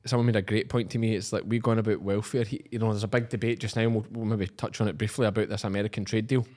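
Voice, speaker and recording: Fast-talking farmer host. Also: male voice, fairly low pitch. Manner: animated, teasing, leading the talk with quick questions. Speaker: podcast host. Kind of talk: casual chat.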